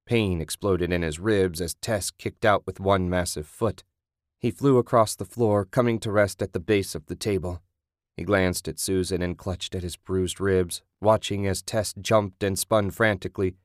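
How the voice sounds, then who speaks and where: The narrator is a man whose low voice moves through a bloody horror script in a controlled, unhurried way. There is no echo; the audio is dry and intimate.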